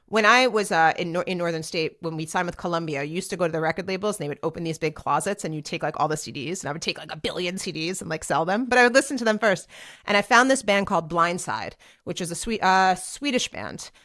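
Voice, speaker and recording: A woman in her forties hosts a casual solo podcast, speaking straight to the camera. Her voice sits a little low, and she rambles in a lively, chatty way, full of "like" and "um" and quick restarts. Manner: chatty and animated, many fillers and restarts. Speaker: podcast host and DJ. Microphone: speaking to a camera for a video podcast.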